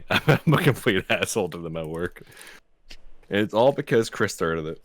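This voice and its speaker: A young man with a very low, deep voice tells crude, profanity-laced stories about his work in a casual podcast chat. He laughs often between lines, and the sound is dry and close to the mic. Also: animated, moderate pace, no echo. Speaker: podcast co-host.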